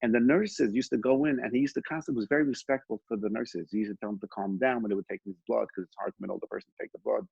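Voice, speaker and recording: Gravelly man teaching Torah, lo-fi. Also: fairly low pitch, steady tone, racing, few pauses, darkish tone, dry recording. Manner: conversational, with frequent restarts and quoted dialogue. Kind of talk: informal Torah class with storytelling.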